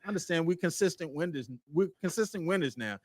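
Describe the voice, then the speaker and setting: A man's voice: fairly high pitch, quick pace, no echo. A man, hosting a casual sports podcast and trading teasing banter. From Baltimore. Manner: animated, laughing, teasing banter.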